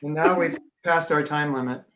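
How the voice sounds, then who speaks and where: A man's voice: fairly high pitch, normal speed, a bit bright, slight background noise. An American man, a spiritual teacher, giving an online religious class in a humorous, anecdotal way with frequent chuckles. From United States.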